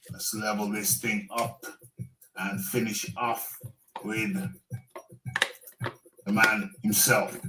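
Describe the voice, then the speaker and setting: Slow, flat-voiced male boxing show host. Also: fairly low pitch, roomy sound, rough recording. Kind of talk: recorded show segment narration.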